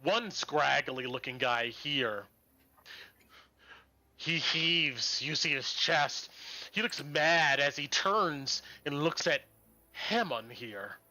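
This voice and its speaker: A man's voice: fairly high pitch, animated, slow, pushed and bright. A man narrating a tabletop game as game master, describing scenes and giving voice to crowd characters.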